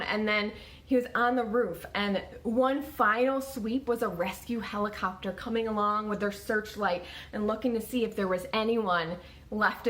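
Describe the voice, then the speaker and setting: A woman's voice: a little high, a bit bright. A woman in her thirties telling her own story to camera in a casual, conversational way, with many fillers. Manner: conversational, lots of "like" and restarts.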